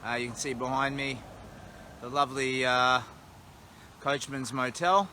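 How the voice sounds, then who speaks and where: A man's voice: medium pitch, flat delivery, measured pace, sharp tone, slight background noise. A man with an Australian accent chatting casually and rambling on a livestream, filmed outdoors at night on a phone held at arm's length. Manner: rambling, chatty, self-deprecating. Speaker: charity walker livestreaming. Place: outdoors at a roadside motel at night.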